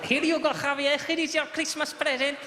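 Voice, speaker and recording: A man's voice: very high-pitched, level tone, brisk, heavy background noise, voice pushed up. A comedian putting on an overeager Spanish family father with a mock Spanish accent, talking in a singsong, exaggerated way. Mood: proud. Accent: put-on Spanish accent. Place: large theatre stage. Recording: echoey hall, loud audience laughter.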